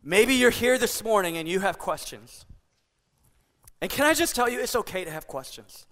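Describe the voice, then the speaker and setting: A man preaching a sermon in a church, conversational and animated as he tells a story. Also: high voice, moderate pace, big-room sound. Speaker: pastor.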